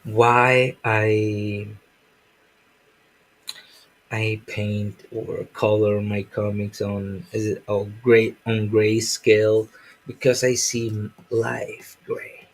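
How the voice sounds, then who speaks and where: Slow, husky man rambling on a stream. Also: on the low side, flat delivery, rough recording. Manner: rambling, profane, self-mocking. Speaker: comic artist. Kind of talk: casual live-stream chat.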